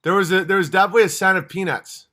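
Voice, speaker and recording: A man's voice: high voice, very fast, bright, forceful tone. A man from upstate New York hosting a livestream, ranting in a fired-up, profane and blunt way. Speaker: livestream host. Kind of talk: casual livestream rant.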